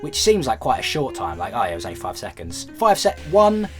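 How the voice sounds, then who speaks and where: A man's voice: low-pitched, very animated, fast talker, faint music behind. A young British man telling a comic travel story as a vlogger, rambling and self-deprecating, with many false starts.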